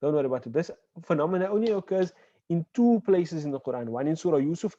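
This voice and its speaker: A man teaching an online Arabic class. He explains patiently, checks in with "right?" and says example words slowly. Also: a little high, lively intonation, mellow, dry recording. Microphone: video call. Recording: dull, dry online call audio.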